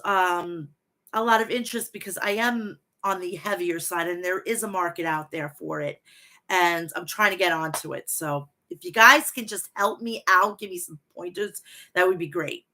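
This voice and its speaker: A woman's voice: mid-range voice, bright, forceful tone. A woman hosting a wrestling review live stream, chatting casually, swearing freely and reading names from the chat. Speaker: wrestling review show host.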